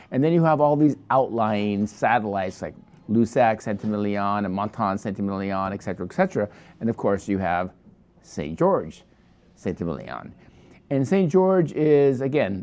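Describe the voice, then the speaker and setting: A man's voice: fairly low pitch, darkish tone. A man presenting a wine for his shop in a casual, rambling review full of digressions and restarts.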